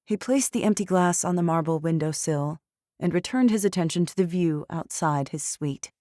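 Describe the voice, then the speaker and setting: A woman narrating an audiobook in a measured, steady storytelling manner. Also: fairly low pitch, dry recording. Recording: dry studio recording.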